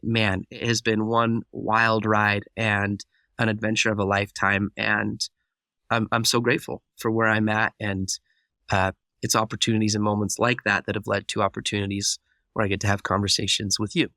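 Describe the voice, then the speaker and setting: A man's voice: on the low side, level tone, moderate pace, sharp tone, no echo. A man telling a personal story as a podcast guest, acting out the dialogue vividly. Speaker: guest speaker.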